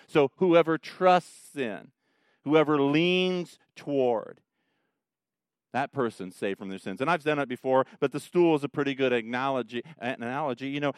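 Smooth-voiced pastor with a chatty sermon. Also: male voice, mid-range voice, no echo. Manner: conversational, teasing asides. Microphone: microphone.

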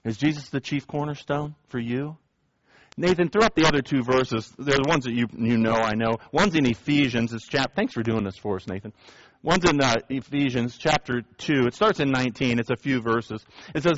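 Bright-voiced preaching pastor. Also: male voice, mid-range voice, brisk, no echo, highs cut off. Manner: earnest, asks the congregation direct questions. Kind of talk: sermon with scripture reading.

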